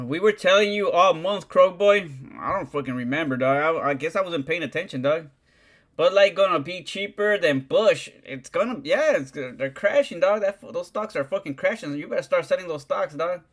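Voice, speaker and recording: Rambling on a livestream, a man with a high voice talks at normal speed, swearing freely and leaning on heavy slang. He keeps calling people "dog" throughout the casual chat.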